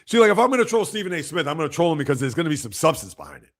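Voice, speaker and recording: A man's voice: fairly high pitch, very animated, racing. A man hosting a casual sports commentary livestream, rambling with rhetorical, exasperated asides.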